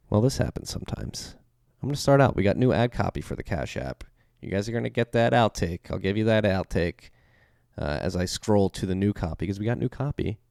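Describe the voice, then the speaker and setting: A man with a Philadelphia accent and a lowish, slightly mellow voice reads his podcast's intro and ads in an offhand way. He uses lots of fillers and keeps correcting himself. Clean studio sound, dry recording.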